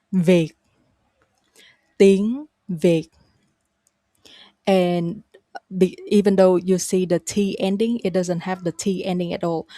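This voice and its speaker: Low mellow woman with a Vietnamese accent. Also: no echo, clean studio sound. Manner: slow, careful modelling of phrases for repetition. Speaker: Vietnamese language teacher. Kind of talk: spoken language lesson.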